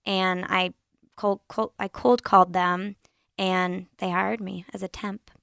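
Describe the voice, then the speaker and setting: A woman's voice: medium pitch, takes it slowly, gravelly, dry recording, clean studio sound. A woman in her twenties, a publicist guesting on a podcast, telling stories animatedly and acting out others' lines. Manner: animated, quoting others in lively voices. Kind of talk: casual chat, storytelling.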